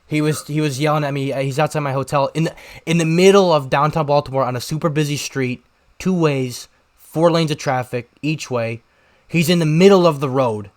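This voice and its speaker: A young man co-hosting a podcast, telling a rambling story in casual chat and shouting out the lines he quotes. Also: fairly high pitch, moderate pace. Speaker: podcast co-host.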